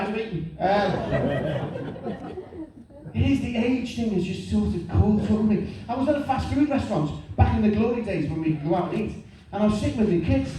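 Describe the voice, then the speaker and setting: Self-mocking man, echoey stand-up recording. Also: sits high. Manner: lively, animated and self-mocking. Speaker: stand-up comedian. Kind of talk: stand-up comedy storytelling. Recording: echoey room, distant mic, faint noise.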